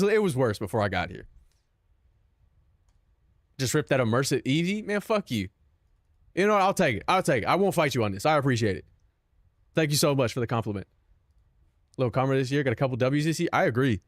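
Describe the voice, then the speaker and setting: A man's voice: mid-range voice, very animated, fairly quick, pauses often, no room sound, studio quality. A young man streaming and chatting casually with his viewers, joking, swearing and mocking himself. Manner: self-mocking, profane, joking.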